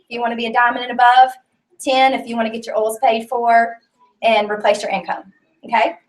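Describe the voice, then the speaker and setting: Recorded from a distance across a room, a woman with a voice on the high side runs a casual live class for a small group. This business trainer is earnest and chatty, leans on fillers, and at moments seems close to crying.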